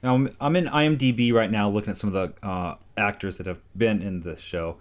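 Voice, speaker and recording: A man in casual podcast chat, offhandedly reading items off a list with pauses. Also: lowish voice.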